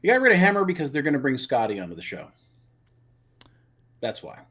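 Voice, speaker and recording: A man co-hosting a live review podcast, chatting casually and getting animated as he makes his points. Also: medium pitch, brisk, breathy edge. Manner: animated, opinionated, repeats words when excited. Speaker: podcast co-host.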